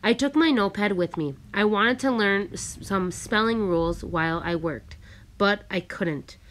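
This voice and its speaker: A woman narrating a storybook reading in a measured, careful way. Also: medium pitch, fairly bright tone, slight background noise. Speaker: audiobook narrator.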